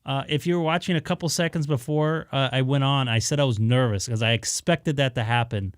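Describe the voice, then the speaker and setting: Man, casual live-stream chat, smooth resonant voice, dry close sound, lots of uh fillers. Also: mid-range voice, brisk, no room sound. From Southern California. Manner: rambling, many "uh" fillers, easygoing. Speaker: ham radio live streamer.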